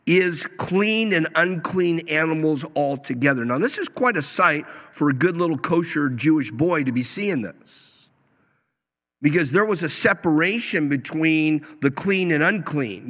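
A man's voice: fairly high pitch, fairly bright tone. A man preaching a sermon, emphatic, acting out the quoted lines as he goes. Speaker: pastor. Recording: long reverb of a hall.

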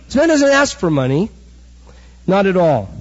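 Preacher, male, middle-aged, fairly high and a bit husky, dull lo-fi sound. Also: moderate pace. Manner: animated storytelling preacher, acts out quotes. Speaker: pastor. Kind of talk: sermon. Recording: dull recording with hall echo.

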